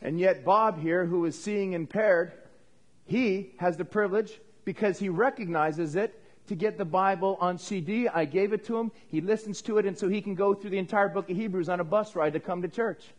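High-voiced man preaching a lively sermon. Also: moderate pace. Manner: animated preaching with quoted asides and questions to the congregation. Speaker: pastor. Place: church.

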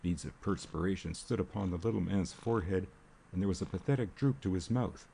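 A man narrating an audiobook in a steady, unhurried storytelling manner. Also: low-pitched, creaky, a little hiss or hum. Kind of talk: scripted narration. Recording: faint rain ambience behind.

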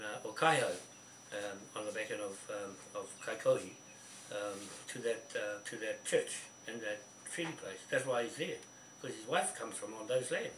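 A man's voice: medium pitch, a bit bright. A man with a New Zealand accent talking in a rambling, insistent way on a call, with many restarts and repeated words, often asking "see?". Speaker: speaker on a phone call. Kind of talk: rambling phone chat. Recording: echoey, distant, faint hiss.

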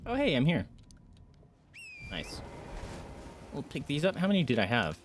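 A man streaming a video game live, rambling through his play and breaking into startled yelps and shouts when enemies surprise him. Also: on the high side, big pitch swings, normal speed, pauses often, slight background noise. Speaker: gaming streamer. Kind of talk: live gameplay commentary.

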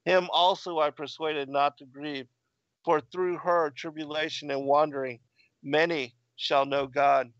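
Man reading a consoling apostle, measured, muffled dry sound. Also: a little high, steady tone, a bit bright, no room sound. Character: calm older male apostle, consoling.

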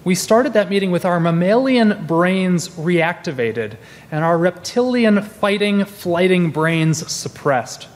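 This minister in his forties has a high, animated voice and speaks slowly as he delivers a sermon. His storytelling is conversational and full of restarts, echoing with long reverb through the big church sanctuary.

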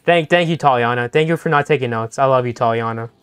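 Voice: mid-range voice, fast talker, clean tone, dry recording, faint music behind. A young-adult game streamer chatting playfully with viewers during a live session, laughing often and teasing the chat.

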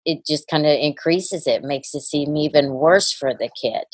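A woman's voice: low voice, moderate pace, breathy edge, dry recording. A woman podcast host chatting casually, affirming and reflecting on what her guest says. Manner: warm, affirming, many soft backchannels. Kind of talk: casual chat.

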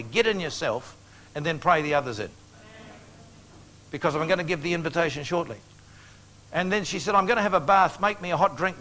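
Older man, evangelist preaching to a crowd; storytelling, earnest altar-call push, voice sits a bit high. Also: fairly bright tone, low-quality recording.

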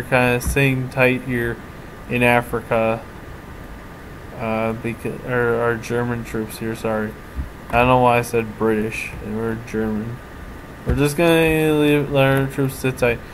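A man's voice: mid-range voice, steady tone, unhurried, rough recording. A man giving casual commentary while playing a strategy game, thinking aloud, often trailing off and restarting his sentences. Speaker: let's play commentator. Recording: audible background noise.

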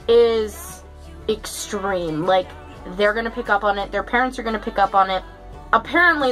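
A woman's voice: mid-range voice, pushed and bright, low-quality recording. A young woman chatting through a story for her vlog, casual and profane, full of fillers. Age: young adult. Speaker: vlogger.

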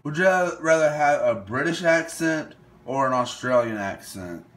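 A man's voice: fairly high pitch, animated, measured pace, fairly bright tone. A young man casually commenting while playing a would-you-rather game, thinking aloud and hesitating over his picks. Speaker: gaming video host.

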